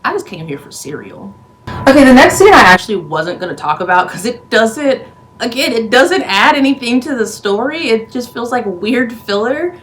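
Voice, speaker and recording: A woman's voice: fairly high pitch, a little hiss or hum, poor audio. A woman recapping a movie in a casual vlog, rambling and profane, with sarcastic, exasperated asides. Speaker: movie reviewer.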